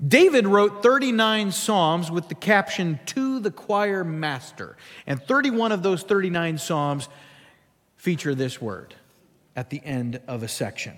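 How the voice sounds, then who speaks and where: Lively storytelling male pastor in a hall. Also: sits high, unhurried. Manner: storytelling with humorous asides. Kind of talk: sermon.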